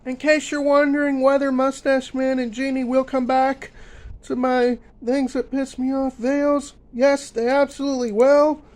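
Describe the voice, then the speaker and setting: A young man ranting in a vlog, emphatic and repetitive, filling pauses with uh and um. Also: very high voice, little pitch movement, a little mellow, rough recording. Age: young adult. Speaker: vlogger.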